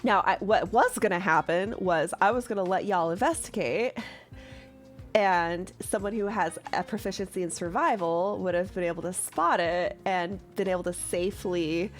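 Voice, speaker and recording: A woman's voice: lowish voice, moderate pace, faint music behind. Rambling woman game master. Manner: rambling, filler-heavy and swears freely. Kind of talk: casual chat while running a tabletop game.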